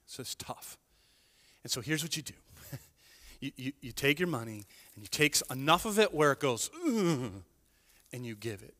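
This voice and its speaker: A man preaching a sermon as a pastor, telling stories in a chatty, animated way with quick asides. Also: medium pitch, big-room sound.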